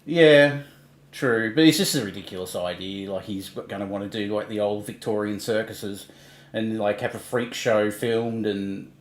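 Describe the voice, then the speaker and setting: A man's voice: lowish voice, fairly even intonation, normal speed. Ranting man in an echoey room. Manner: ranting, mocking, laughing. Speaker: livestream host. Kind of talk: casual commentary on online drama.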